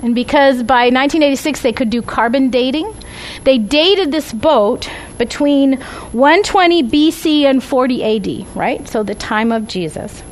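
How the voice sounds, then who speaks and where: A woman's voice: sits high, moderate pace, slight background noise, poor audio. A woman teaching a Bible study class with slides, talking conversationally and often checking in with "right?" and "okay?".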